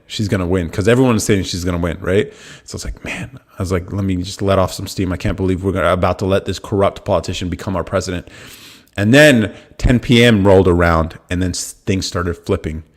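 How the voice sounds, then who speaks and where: A young American man hosting a live podcast, telling a story in a casual, animated way and swearing freely. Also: low voice. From United States. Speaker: podcast host. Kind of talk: casual livestream talk.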